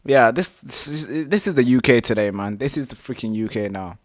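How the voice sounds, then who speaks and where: A man hosting a live reaction stream, talking casually, animated and exasperated, swearing freely. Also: mid-range voice, brisk.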